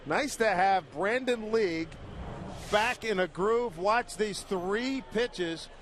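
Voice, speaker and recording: A man's voice: sits high, takes it slowly, slight background noise. A middle-aged man giving upbeat play-by-play commentary on a ball game. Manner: upbeat, enthusiastic wrap-up. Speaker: play-by-play announcer. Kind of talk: sports commentary.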